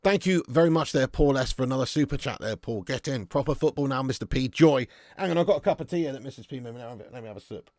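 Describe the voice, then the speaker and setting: A man's voice: mid-range voice, fast, hardly any pauses, darkish tone, no room sound, clean studio sound. A man hosting a casual fan livestream, reading out viewer chat with blunt, jokey banter and frequent swearing. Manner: blunt, jokey, swears freely, calls viewers mate and lad. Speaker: fan channel host reading live chat.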